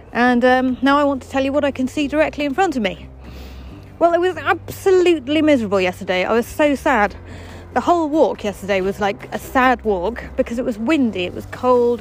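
A woman's voice: on the high side, a little hiss or hum, low-quality recording. Wry woman chatting on a walk. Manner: wry, self-deprecating, chatty with frequent restarts. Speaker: podcast host. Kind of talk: casual chatty monologue while walking. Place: outdoors on a footpath.

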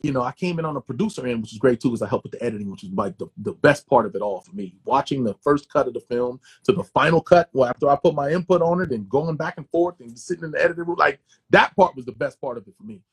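Fast-talking husky man, animated. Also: medium pitch. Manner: animated, profane, repeats words. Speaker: actor guest. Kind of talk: casual interview storytelling.

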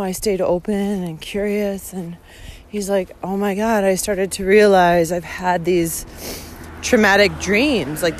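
A woman vlogger telling a personal story in a candid, emotional way, swearing freely and using lots of fillers as she walks outdoors. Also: medium pitch. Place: outdoors, walking along a route.

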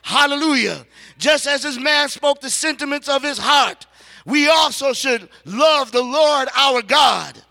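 A man preaching a sermon to his church, stretching out words slowly and calling out hallelujah between phrases. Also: extremely high pitch, gravelly, sharp tone. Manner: preaching with frequent hallelujahs and slow emphatic phrases. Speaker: pastor. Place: large church sanctuary. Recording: long hall reverb.

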